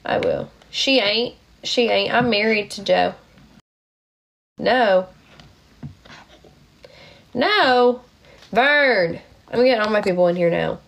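A woman's voice: medium pitch, slow pace, vocal fry, pauses often. A young woman, sick and tired, chatting casually on a phone livestream, thanking viewers with lots of fillers.

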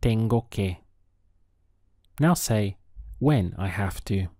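A man teaching a language lesson, enunciating each phrase slowly and carefully. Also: fairly low pitch, lively intonation, darkish tone, no room sound, clean studio sound.

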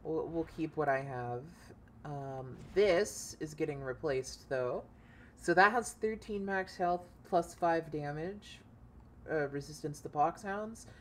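Woman game streamer, low-pitched, loose and profane, with a faint hiss behind. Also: slow pace. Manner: excitable, swears freely, thinks aloud. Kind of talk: casual gameplay commentary.

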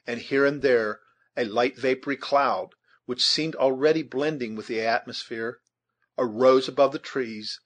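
A man narrating an audiobook in a measured, steady storytelling manner, with a husky voice. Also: medium pitch.

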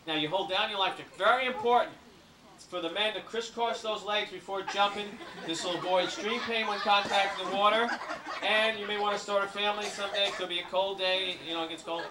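A man's voice: high-pitched, quick pace, far from the mic, noisy background. Man joking through a cruise briefing. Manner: jokey deadpan patter with asides. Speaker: cruise ship entertainer giving a briefing. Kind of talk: comic cruise briefing to an audience. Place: ship lounge. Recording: echoey room, camcorder from afar.

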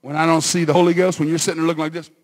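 A male pastor preaching a sermon, swinging from quiet asides to shouted exhortation and calling on the congregation to answer. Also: fairly high pitch, level tone, racing. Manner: calls on the congregation for responses.

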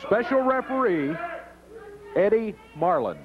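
A man doing excitable play-by-play commentary and interviewing a wrestler. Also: high-pitched, measured pace. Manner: excitable, animated. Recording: lo-fi early 90s TV audio with noise.

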